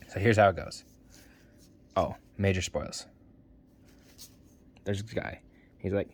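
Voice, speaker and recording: A young man casually retelling a story in a rambling, slangy way, quickly doing little character voices. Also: deep voice, creaky. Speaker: book summarizer.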